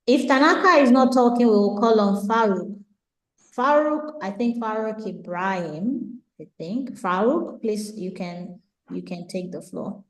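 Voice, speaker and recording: A woman's voice: mid-range voice, a little slow, echoey room, poor audio. A woman hosting an online webinar, politely directing participants and answering questions over a video call. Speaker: webinar host.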